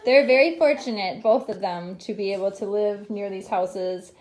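A woman's voice: mid-range voice, normal speed, a little mellow, a little hiss or hum. A woman standing outside in a neighborhood, asking children friendly questions in a casual chat. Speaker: host interviewing children. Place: outdoors in a neighborhood street.

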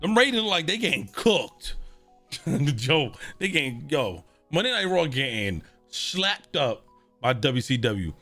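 A man's voice: on the high side, very animated, a little slow, bright, forceful tone, soft background music. A young man streaming a video game, talking casually and cursing at the screen. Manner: profane, trash-talking. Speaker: gaming streamer. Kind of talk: casual gameplay commentary. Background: video game audio.

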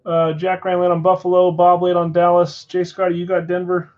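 A man's voice: high voice, monotone, a little fast, highs cut off. A man at a card shop running a live card break, steadily rattling off names and teams.

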